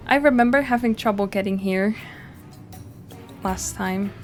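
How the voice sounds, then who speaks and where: Over game music, a female streamer speaks a little slowly in a medium-pitched voice, offering relaxed commentary as she plays. She reads the in-game dialogue out loud, talks to her viewers, and laughs readily.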